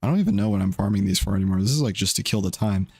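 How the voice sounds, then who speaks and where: A man's voice: on the low side, very fast, darkish tone, breathy edge, no echo, clean studio sound. A young man casually chatting while streaming a game, rambling and laid-back. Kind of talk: casual gaming stream chat.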